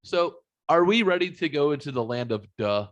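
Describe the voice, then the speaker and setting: A man's voice: fairly high pitch, expressive, normal speed, dull audio. A man hosting a podcast in casual, profane, rambling chat. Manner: profane, rambling, laid-back. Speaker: podcast host.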